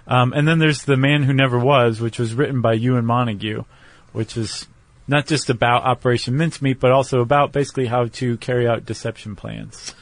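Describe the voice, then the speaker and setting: A man's voice: mid-range voice, steady tone, a little fast, dry recording. Laid-back man co-hosting with dry sound. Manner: laid-back, wry quips. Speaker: podcast co-host. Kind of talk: casual chat.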